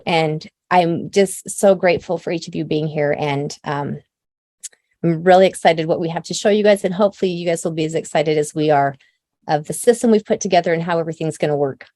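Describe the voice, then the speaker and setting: A woman with a mellow, warm voice addresses her new team with eager, grateful energy. The recording sounds close and dry, with little room sound. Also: on the low side, moderate pace, dry recording. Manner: enthusiastic and grateful. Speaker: company founder.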